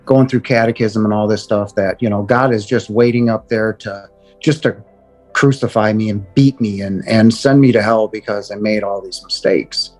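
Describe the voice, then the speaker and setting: A middle-aged man earnestly telling of his near-death experience, often halting and repeating words as he goes. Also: fairly low pitch, steady tone, darkish tone, faint music behind. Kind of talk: personal testimony.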